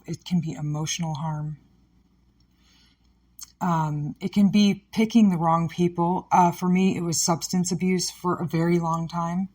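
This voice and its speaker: A woman's voice: on the low side, a little mellow. A woman comedian hosting her own show, talking candidly and emotionally about something painful, scattered and sometimes sarcastic. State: upset. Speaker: podcast host and comedian. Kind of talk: candid personal monologue.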